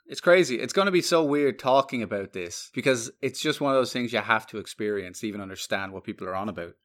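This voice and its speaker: A man co-hosting a casual podcast, joking in rapid banter. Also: medium pitch. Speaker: podcast co-host.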